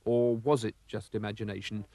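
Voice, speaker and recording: A man narrating a storybook cartoon with a lively, expressive storytelling manner. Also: fairly low pitch, brisk, no echo, clean studio sound.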